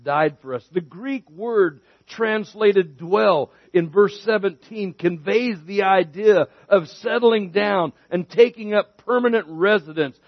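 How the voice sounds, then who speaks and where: A man preaches a sermon, telling homespun stories and building to emphatic points. His voice sits high for a man. The sound is dry and a little dull. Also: slow, hardly any pauses, no room sound. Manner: folksy storytelling preacher, rises in pitch for emphasis. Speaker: pastor.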